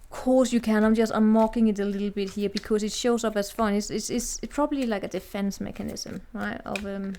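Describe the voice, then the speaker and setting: A woman's voice: medium pitch, steady tone, fairly quick, vocal fry, few pauses, mellow. A woman giving a casual, chatty tarot reading to viewers, teasing and laughing as she talks, often restarting her sentences. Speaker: tarot reader.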